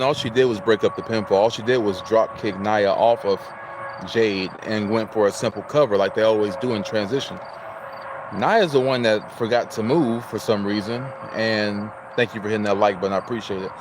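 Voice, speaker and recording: Hosting a laid-back livestream, this man from Illinois, United States, greets viewers, chats, and reads aloud their messages from the chat. His voice is lowish, and background noise is present.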